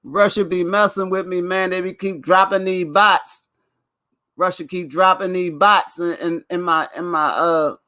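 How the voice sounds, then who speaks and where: A man's voice: high voice, pushed and bright, clean tone. A man hosting a casual chat show, boastful and playful, laughing often and repeating his catchphrases. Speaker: show host.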